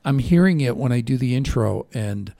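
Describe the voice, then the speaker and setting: Chicago guy hosting talk radio, gravelly, rambly and chatty, dry close mic. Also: mid-range voice, expressive, moderate pace, warm tone, no room sound. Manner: chatty, self-deprecating, rambling. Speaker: radio show host. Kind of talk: casual talk radio banter. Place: radio studio. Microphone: studio microphone.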